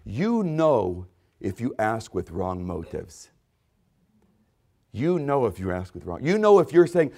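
A man's voice: medium pitch, wildly swooping pitch, slow pace, a little mellow. A man preaching a sermon with emphatic repetitions, often acting out quoted voices. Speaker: pastor.

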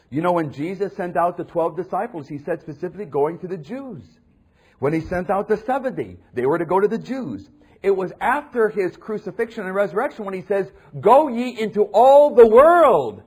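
A man preaching a sermon, animated, acting out the voices of the people in the passages he reads. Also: high-pitched, slightly rough. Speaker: pastor.

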